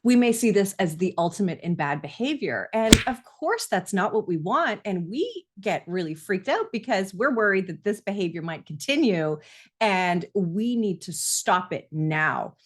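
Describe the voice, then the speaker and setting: A woman's voice: medium pitch, expressive, moderate pace. A middle-aged woman, a parenting coach, giving earnest, reassuring advice in a conversational way straight to camera.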